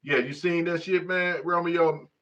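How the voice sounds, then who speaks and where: A man rants on a livestream in a rambling, profane flow, circling back on himself with constant fillers. His voice is bright and sits a little back from the mic. The audio is dull and lo-fi. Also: on the high side, steady tone, a little slow, distant mic. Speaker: livestream host. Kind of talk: casual livestream rant.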